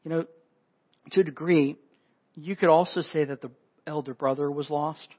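Man, pastor, sermon, husky, animated, dull lo-fi audio. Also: moderate pace. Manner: animated, acts out the scripture voices with big pitch jumps.

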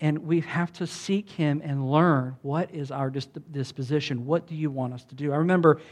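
High-voiced folksy pastor. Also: male voice, steady tone, normal speed. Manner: conversational, folksy, asks the crowd rhetorical questions. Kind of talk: sermon.

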